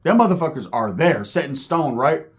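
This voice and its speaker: A middle-aged man tells a story in a loose, profane, conversational way. His voice sits a little high for a man, and he slips into the voices of the people he quotes. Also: big pitch swings, normal speed. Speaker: storyteller guest. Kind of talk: casual storytelling.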